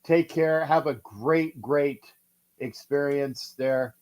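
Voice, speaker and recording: A man hosts a casual fan live stream in a high-pitched voice. He rambles, swears freely and often repeats his words as he talks. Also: slow pace, darkish tone. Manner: profane, rambling, repeats himself.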